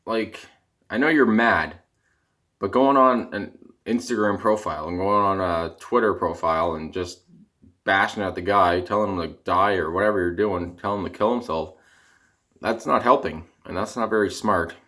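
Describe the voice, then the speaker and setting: Speaking at a moderate pace in a low, sharp-toned voice, a young Canadian vlogger vents to camera about hockey. The rant is casual and rambling, full of dejection and exasperation, with occasional cracks in his voice.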